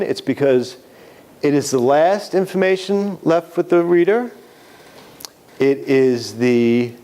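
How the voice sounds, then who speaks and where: A man's voice: a little high, darkish tone. A man giving a live classroom lecture on writing, explaining step by step with examples.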